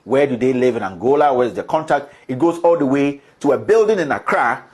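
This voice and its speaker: A man in an archived video clip explaining a business affair in a measured way, with occasional fillers. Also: medium pitch, expressive, darkish tone, slightly rough.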